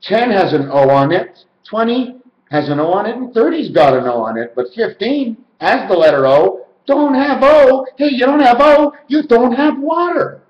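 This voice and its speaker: A man's voice: extremely high pitch, lively intonation, moderate pace. A man rambling alone to the camera about numbers and letters, chanting and stretching words in a sing-song way. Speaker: video maker explaining number and letter theories. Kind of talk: rambling solo monologue. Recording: roomy, dull lo-fi home recording.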